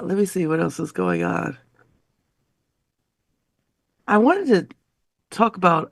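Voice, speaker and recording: A woman's voice: fairly low pitch, creaky, fairly bright tone, no room sound. A middle-aged woman hosting a radio talk show with a stuffy, congested voice, chuckling between remarks as she reads an article aloud.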